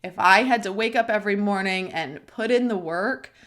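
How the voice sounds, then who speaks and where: A woman's voice: medium pitch, moderate pace, fairly bright tone. Emotional chatty woman podcast host. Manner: emotional, tearful, speaks openly; chatty, retells conversations with many fillers. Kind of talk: candid personal podcast monologue.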